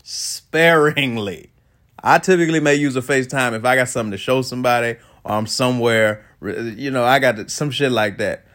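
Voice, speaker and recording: A man's voice: mid-range voice, quick pace, hardly any pauses, a bit bright. A man hosting his own show, delivering a casual, profane rant with sarcastic asides and frequent laughter. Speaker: solo talk host.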